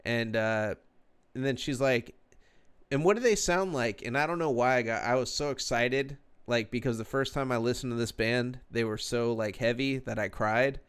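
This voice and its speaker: A man with a smooth, resonant voice tells a long, meandering story. He swears freely and keeps the tone laid-back. He sounds a little tipsy, speaking over a video call. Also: mid-range voice, fairly even intonation, normal speed, a bit bright. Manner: profane, rambling, laid-back. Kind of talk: casual storytelling chat.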